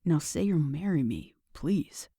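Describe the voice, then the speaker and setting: A woman voicing a tender, devoted young man in an audiobook romance, speaking low, soft and earnest. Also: animated, measured pace, slightly rough, no echo, clean studio sound, full character voice.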